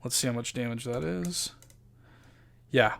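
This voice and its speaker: A man's voice: medium pitch, measured pace, creaky, fairly bright tone. A man narrating a tabletop role-playing game as game master, in a loose, chatty way full of fillers.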